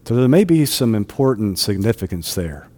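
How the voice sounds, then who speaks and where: A man's voice: on the low side, sing-song, moderate pace, mellow, in a large hall. Man preaching a conversational sermon. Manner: conversational, asks the listeners rhetorical questions.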